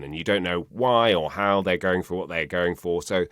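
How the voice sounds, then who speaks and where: Chatting casually in an interview from his home studio, a voice actor guest speaks in a low, British RP-accented voice, a little fast and with hardly any pauses. He's animated, slipping into the voices of the people he quotes mid-sentence. There's no room sound.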